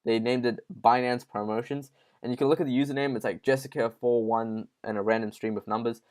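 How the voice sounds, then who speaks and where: A man's voice: mid-range voice, fairly even intonation, a little fast, a little mellow. A man hosts a casual online news show in a middle-range voice. He talks informally and chats straight to his viewers. His speech is loose and full of fillers. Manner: informal, addresses viewers as guys, many fillers. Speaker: crypto news host.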